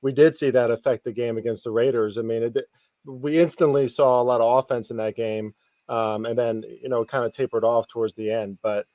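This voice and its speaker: A man talking football as a guest analyst on a casual podcast. His speech is halting and full of fillers and restarts. The sound is close and dry with no room. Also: mid-range voice, fairly even intonation, warm tone, no echo.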